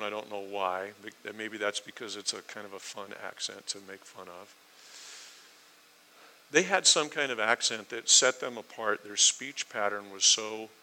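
An American male preacher, lively and questioning, with a sharp, very bright voice. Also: mid-range voice, low-quality recording. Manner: animated, asks listeners questions, acts out quotes. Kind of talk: sermon, Bible teaching.

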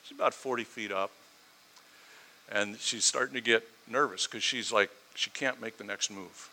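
A man's voice: on the low side, moderate pace, bright, forceful tone. A man preaching a storytelling sermon, building his points through emphatic repetition.

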